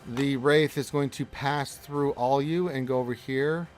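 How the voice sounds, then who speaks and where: A man serves as dungeon master, calling out hits and misses in a joking, teasing manner. Soft background music plays under his voice. His voice sits at an average pitch for a man. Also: fairly even intonation, unhurried. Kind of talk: running a tabletop game online.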